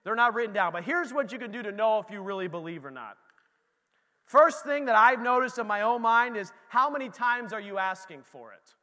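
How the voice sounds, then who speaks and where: A pastor preaching a lively, conversational sermon in a church, talking straight to his congregation. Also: high voice, fairly quick, big-room sound.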